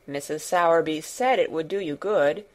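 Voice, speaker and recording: A woman voicing a tired, distracted middle-aged gentleman who speaks in a worried, absent-minded way. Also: low-pitched, moderate pace, natural voice. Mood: weary.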